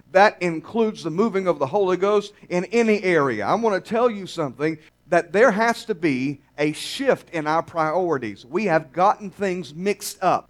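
A man preaching a sermon at a church service. He talks in a folksy, teasing way to the congregation and swells to emphatic near-shouts on key phrases. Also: high voice. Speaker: pastor.

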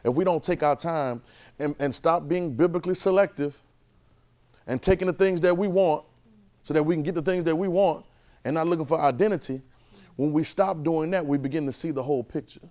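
Male preacher, thirties, call-and-response style, pitched a bit high. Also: fairly quick, a little mellow. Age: 30s. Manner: call-and-response with the congregation, conversational and emphatic. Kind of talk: sermon.

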